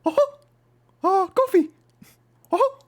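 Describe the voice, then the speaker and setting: A man putting on a falsetto impression of a cheerful, excitable cartoon mouse. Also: drawn-out words, heavily acted. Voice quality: high falsetto.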